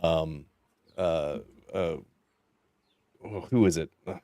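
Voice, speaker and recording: A man's voice: sits low, slow, dark tone, no room sound. A man in a casual podcast chat who chimes in often with short agreements. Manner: gives frequent short agreements.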